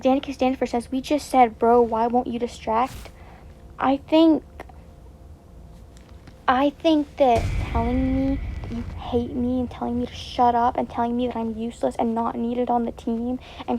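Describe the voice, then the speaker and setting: A woman's voice: a little high, gravelly, warm tone, slight background noise, low-quality recording. A woman streamer giving upset personal commentary, rambling and repeating herself with many fillers and restarts. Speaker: game streamer.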